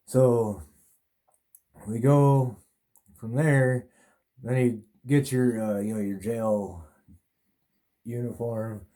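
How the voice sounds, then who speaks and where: A man's voice: mid-range voice, fairly even intonation, very slow, long pauses, warm tone. A man hosting a podcast, telling a personal story in a rambling, casual way, swearing a lot. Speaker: podcast host.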